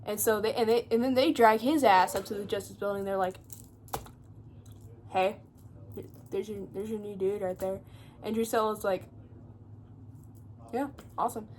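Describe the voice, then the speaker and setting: A woman's voice: medium pitch, fairly even intonation, normal speed, a little mellow, slight background noise. A young woman at home giving a rambling, profane, casual book recap full of fillers and laughter. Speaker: booktuber.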